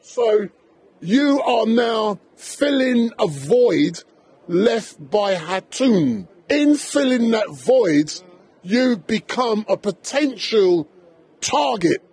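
Husky high-voiced male street interviewer. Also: expressive, drawn-out words, darkish tone. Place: outdoors in a public park.

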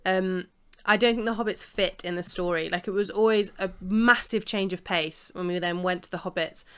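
A woman's voice: lowish voice, steady tone, moderate pace, fairly bright tone, smooth. A woman co-hosting a casual chat, talking in a hesitant way with fillers. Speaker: podcast co-host.

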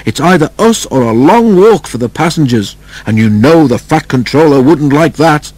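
A steadfast engine driver from a storybook, urging his engine on as a man reads him. His husky voice sits higher than plain speech and carries a reassuring push. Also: lively intonation, normal speed, darkish tone, no echo. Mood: urgent. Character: encouraging male engine driver, middle-aged.

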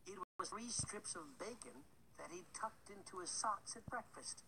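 A man narrating a dark fairy tale audiobook in a wry, conspiratorial manner, addressing the listener. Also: high-pitched, expressive, moderate pace, vocal fry, low-quality recording. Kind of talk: scripted storybook narration. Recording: loud background noise with clicks.

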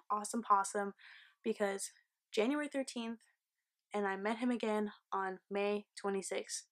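A young woman vlogger telling an excited, rambling storytime, swearing freely. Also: mid-range voice. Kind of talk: casual storytime vlog.

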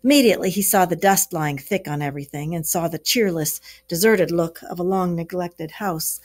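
A woman's voice: fairly low pitch, moderate pace, a little mellow. A woman teacher reading a story aloud to young pupils and stopping to explain words. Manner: explains words to children as she reads. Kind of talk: classroom read-aloud.

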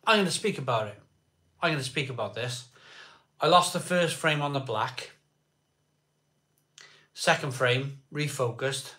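His mid-range voice is animated, pushed and bright, moving at a measured pace with long pauses. He's casually chatting on a live beer stream, reading comments aloud, greeting people by name and rambling across topics.

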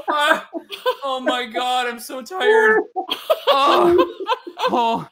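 A man reacting comedically to a song clip with hysterical laughter and exaggerated disbelief, heard from a played video. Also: extremely high pitch. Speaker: YouTuber. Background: music.

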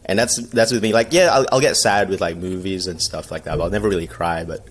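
A man in easygoing podcast talk with friends. His voice sits low, and his sentences wander. He often breaks into laughter midway through a story. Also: fast talker. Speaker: podcast co-host. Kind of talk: casual chat.

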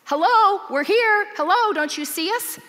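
Pleading, exasperated storybook character, high and eager, reverberant hall, done by a woman preacher. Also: expressive, measured pace, a bit bright. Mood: calling out. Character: friendly characters calling out, pleading.

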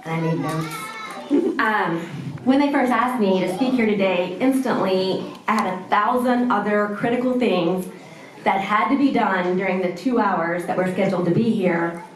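A woman's voice: mid-range voice, normal speed. A woman doctor giving an earnest, somewhat self-deprecating speech at an event. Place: large indoor event room. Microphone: far camera. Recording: echoey room from far off.

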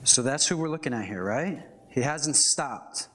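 A young man preaching a casual, animated sermon, reading scripture and adding chatty asides. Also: medium pitch, normal speed. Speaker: pastor.

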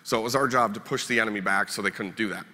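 A man's voice: fairly low pitch, racing, pushed and bright, big-room sound. A man from the United States giving a keynote speech to a live audience, telling his story in a plain-spoken way. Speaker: keynote speaker. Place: conference hall.

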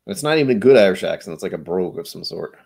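A man with a slightly low voice talks casually while tasting whiskey on his stream. He rambles and jokes, answering his chat as he goes. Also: lively intonation, very fast, vocal fry, a little mellow, slightly rough.

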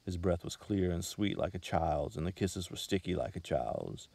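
A man reading a short story aloud as an audiobook, in a measured, steady manner. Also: low voice, creaky, no echo. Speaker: narrator.

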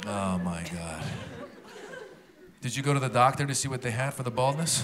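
A man doing a stand-up comedy set, animated and talking straight to the audience in a theater. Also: mid-range voice, brisk. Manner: animated, talks to the crowd. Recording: loud crowd laughter and noise.

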